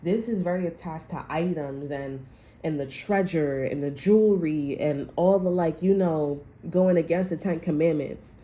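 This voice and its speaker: A woman's voice: sits low, normal speed, dark tone. A woman giving a casual, loose tarot reading to her viewers, swearing freely and talking through restarts. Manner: loose and profane, chatty, fillers and restarts. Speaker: tarot reader.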